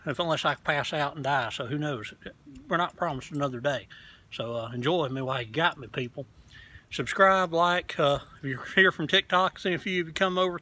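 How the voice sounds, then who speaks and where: A man's voice: fairly high pitch, bright, forceful tone. A man hosting his own casual beer review vlog, talking in a rambling, frank way and swearing casually. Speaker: beer reviewer, channel host. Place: outdoors.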